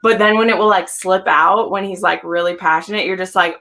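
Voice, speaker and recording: A woman hosting a casual group chat, gushing and animated, with lots of fillers. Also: medium pitch, fairly quick, few pauses. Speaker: host.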